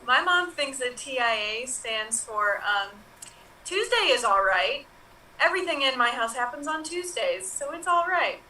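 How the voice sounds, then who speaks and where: A woman improv player delivering deadpan quips on a video call. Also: high-pitched, measured pace. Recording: echoey room, distant mic, faint hiss.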